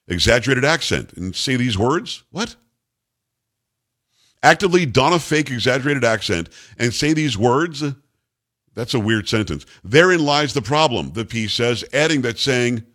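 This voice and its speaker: A man's voice: medium pitch, fairly bright tone. A man hosting a talk radio show, reading news items aloud and mocking them in a combative, sarcastic way. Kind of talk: opinionated talk radio monologue.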